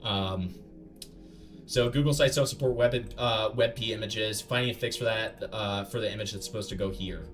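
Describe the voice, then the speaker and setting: A man's voice: on the low side, normal speed, soft background music. A man hosting an internet drama commentary, talking casually and bluntly and swearing freely. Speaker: commentary host.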